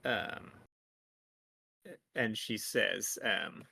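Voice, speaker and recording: A man's voice: fairly low pitch, very slow, vocal fry, pushed and bright, breathy edge. A man running a tabletop game as dungeon master, narrating scenes loosely with many fillers.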